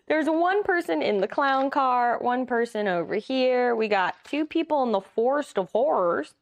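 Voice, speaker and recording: A woman's voice: sits high, lively intonation, normal speed. A woman chatting casually and giggling with her live chat as she plays a board game.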